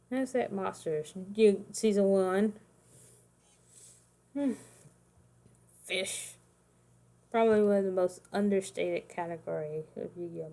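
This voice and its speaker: A woman's voice: mid-range voice, creaky, dark tone. A woman in her thirties chatting casually on a livestream, rambling and correcting herself, sounding tired. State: tired, yawning. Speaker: streamer making custom cards.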